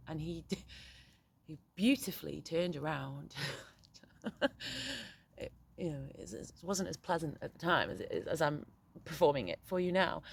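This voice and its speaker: Speaking in a low voice, a middle-aged poet and mother reflects candidly in a monologue. She's blunt and hesitant, curses a lot, and keeps starting her thoughts over.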